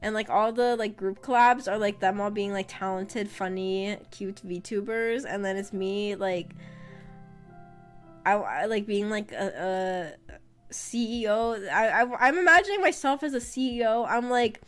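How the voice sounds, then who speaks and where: Woman vtuber rambling on stream, giggles a lot, mid-pitched voice, faint music under her. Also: a little slow. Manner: rambling and giggly, laughs often, trails off with fillers. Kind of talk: casual livestream chat. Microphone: streaming microphone. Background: faint background music.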